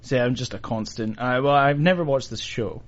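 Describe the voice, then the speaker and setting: A man hosting a relaxed podcast chat, easygoing and often laughing. His voice sits at an ordinary middle pitch. The recording is muffled and lo-fi. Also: moderate pace. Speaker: podcast host. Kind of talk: casual chat. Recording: dull lo-fi sound.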